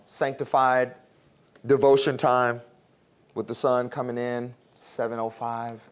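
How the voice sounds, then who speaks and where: A man's voice: mid-range voice, smooth. A man teaching a Bible class in a casual, conversational way, with chuckling asides, ending in prayer.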